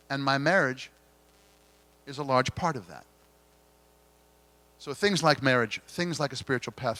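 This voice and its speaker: A middle-aged man giving an inspirational keynote talk at a conference, earnest and gently confessional, with dramatic pauses. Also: medium pitch. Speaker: keynote speaker. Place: conference hall stage.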